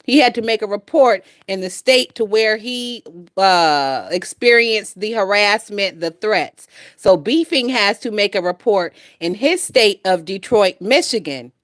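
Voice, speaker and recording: A woman's voice: medium pitch, expressive, unhurried, no room sound, clean studio sound. A woman hosting a gossip channel, talking bluntly and with lots of swearing and laughter. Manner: blunt, profane, laughs often. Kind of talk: casual commentary.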